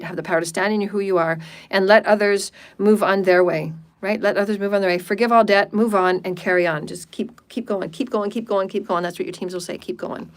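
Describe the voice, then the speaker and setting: Woman healer repeating phrases. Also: on the low side. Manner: repeats words and phrases in runs; speaks in chanted syllables. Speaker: spiritual healer. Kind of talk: guided healing meditation and live chat. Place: home livestream.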